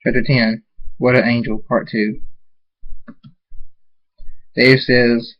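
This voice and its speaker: A man reads his own fan fiction aloud, slow and halting, with an unremarkable mid-range pitch. The recording is dull and lo-fi. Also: little pitch movement, husky. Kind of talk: reading a story aloud.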